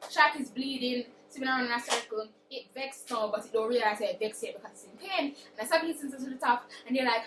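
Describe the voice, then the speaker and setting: Young woman, chatty book vlogger, high bright voice, roomy distant sound. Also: fairly quick, few pauses, slight background noise. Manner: chatty, dramatic retelling with acted quotes. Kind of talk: casual book recap. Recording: roomy echo, distant mic.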